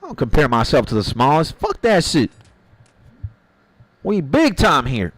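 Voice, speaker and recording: Unhurried, with a fairly bright, slightly high voice that swoops wildly in pitch, a man streams a game and chats casually with viewers. Rambling and slangy, he calls chat "bro" and "my G"; the recording is rough, with no room sound.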